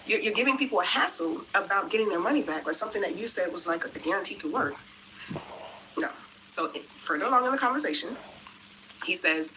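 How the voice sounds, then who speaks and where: Bright sharp-voiced woman ranting about a refund, acts out both sides, faint noise behind. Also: mid-range voice, expressive, fast, rough recording. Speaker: customer telling her refund story. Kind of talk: storytelling vlog.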